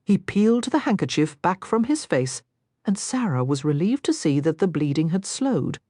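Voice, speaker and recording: A woman narrating a romance audiobook with expressive reading, recorded dry and close. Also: fairly low pitch, moderate pace, dry recording. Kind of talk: scripted narration.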